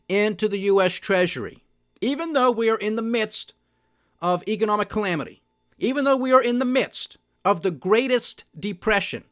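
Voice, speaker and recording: Sardonic male podcast host, higher voice, emphatic solo rant on markets. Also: a bit bright. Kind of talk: solo political and market commentary.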